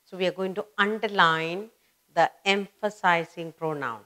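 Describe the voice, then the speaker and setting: A woman teaching an English grammar lesson for children, speaking deliberately and repeating each example sentence. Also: on the low side, bright, forceful tone. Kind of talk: slow grammar lesson for kids.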